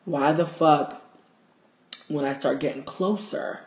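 A man telling a wild story to his livestream in a casual, profane, animated way, recorded on a phone at home. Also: a little high, measured pace, long pauses. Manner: animated, profane, gets loud and excited in the telling. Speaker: livestream host. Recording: roomy echo.

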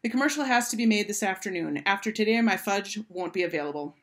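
A woman's voice: mid-range voice, animated, fast talker, lightly acted. A woman reading aloud, voicing a busy, firm middle-aged father.

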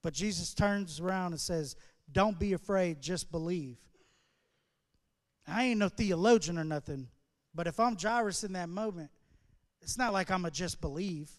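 A male guest speaker at a recovery ministry, preaching a sermon as animated storytelling in casual street slang. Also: high voice, normal speed, long reverb tail.

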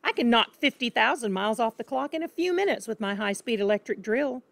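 A woman's voice: fairly high pitch, lively intonation, fairly quick, creaky, no echo, pitched above the performer's own voice. A woman putting on a boastful crooked dad. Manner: blustering, bragging, shouting. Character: boastful crooked car-dealer father, loud and proud.

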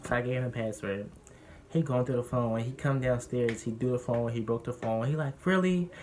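A young man vlogging, candidly telling a personal story in a lively, animated way that gets heated when he quotes others. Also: medium pitch, a little fast, a little hiss or hum.

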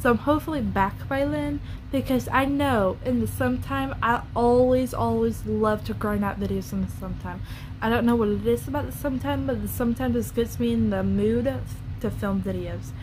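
A woman with a somewhat high voice rants to camera in a casual vlog, blunt and full of cursing. A faint hum of room ambience sits behind her. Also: moderate pace. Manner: blunt, profane, ranting. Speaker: YouTuber.

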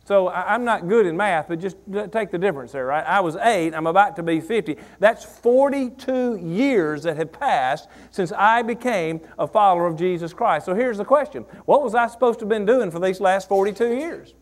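A man's voice: sits high, animated, normal speed, few pauses. A man, preaching a sermon, repeating phrases and asking the congregation questions. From Mississippi. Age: 40s. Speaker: pastor.

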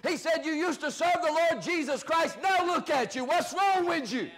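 A man preaches a fiery sermon from the pulpit. His voice sits very high for a man. He shouts his main points and falls to low, muttered asides in between. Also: moderate pace. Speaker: pastor.

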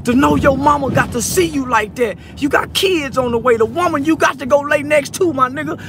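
With a very high-pitched voice and brisk delivery, a tearful man talks directly to the camera over a noisy background. He is an online personality addressing a peer in an emotional monologue, stammering, repeating words and pleading from the heart.

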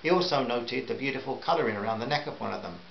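A man reading a novel aloud at a measured pace with small stumbles, in a roomy, slightly dull recording with faint hiss. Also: medium pitch, expressive, creaky. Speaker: audiobook narrator.

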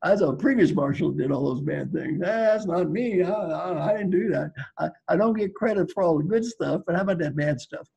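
Older guy from kentucky, gravelly raspy voice, dark and mellow, teasing folksy storyteller on a video call. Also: high voice, moderate pace, few pauses, poor audio. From Kentucky, United States. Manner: playful, teasing, repeats phrases for effect. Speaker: guest speaker, executive coach.

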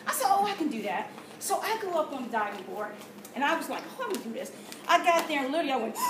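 Woman, high voice, church testimony, animated storytelling, echoey room, distant mic, noisy. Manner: animated storytelling with gasps and quoted prayers. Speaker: testimony speaker. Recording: echoey room from far off with noise.

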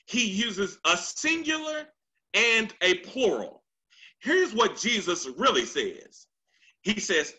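A man's voice: sits high, big pitch swings, sharp tone, low-quality recording. A man preaching a Sunday sermon in church, repeating lines for emphasis and stretching out scripture quotes. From United States. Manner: drawn-out, swooping delivery on quoted scripture. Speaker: pastor. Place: church sanctuary. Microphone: handheld microphone.

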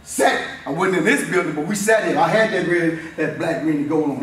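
A man in his fifties giving an emphatic, repetitive motivational talk to a school team in a locker room, swinging between shouting and low, intense stretches. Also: normal speed, few pauses. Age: 50s. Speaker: motivational speaker. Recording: very echoey room, voice far off, faint noise.

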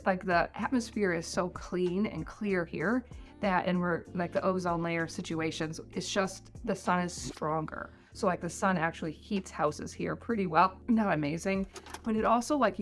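A middle-aged American woman talks straight to camera in a loose, chatty vlog style, stringing thoughts together with lots of "like". Her voice sits a little low for a woman. Soft music plays faintly underneath. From United States. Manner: chatty, rambling, heavy use of "like". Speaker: vlogger giving tips on life in New Zealand. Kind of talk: casual talking-head vlog.

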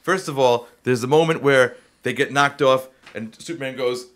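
A man hosting a casual movie review podcast, talking animatedly and acting out scenes from the film. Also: medium pitch. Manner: animated, quick to act out scenes. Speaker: podcast host.

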